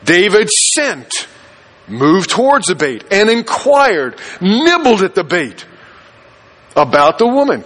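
A man with a notably high voice delivers a sermon from the pulpit. He preaches with emphasis, repeats his key phrases and keeps asking the congregation questions. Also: very animated, slow, fairly bright tone, rough recording. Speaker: pastor.

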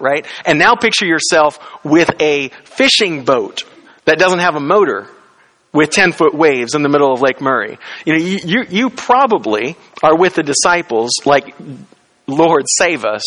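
A man's voice: animated, moderate pace, pushed and bright. A man preaching a sermon in a conversational way, often asking the listeners questions and acting out quoted lines. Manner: conversational, asks the congregation questions; acts out quoted lines with rising pitch. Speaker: pastor.

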